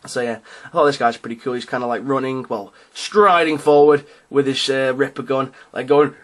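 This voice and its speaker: A man's voice: medium pitch, fairly even intonation, normal speed. A man with an ordinary mid-range voice casually narrates a show-and-tell of his miniatures. He rambles, hesitates and restarts often, filling gaps with ums. He keeps a lightly amused, self-deprecating tone. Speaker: hobbyist showing his painted miniatures.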